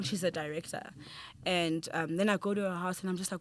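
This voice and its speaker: A woman, a film-industry creative and interview guest, telling stories in an animated, expressive way. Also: lowish voice, quick pace, dry recording. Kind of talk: casual interview.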